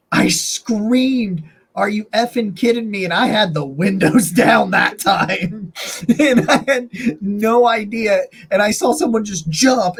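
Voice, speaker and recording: A man's voice: high voice, a bit bright, breathy edge. A man co-hosting a sports podcast, telling stories casually with lots of "like" and laughing as he talks. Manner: chatty, laughs through his stories, many "like" fillers. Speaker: podcast co-host.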